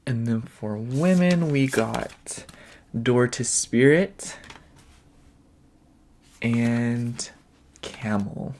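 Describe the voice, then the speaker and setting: Guy doing a chill tarot reading, mid-pitched voice, rambles and says like a lot. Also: drawn-out words, long pauses, a little mellow, a little hiss or hum. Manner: rambling, filler-heavy, leans on "like" constantly. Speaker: tarot reader. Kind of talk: casual pick-a-card tarot reading.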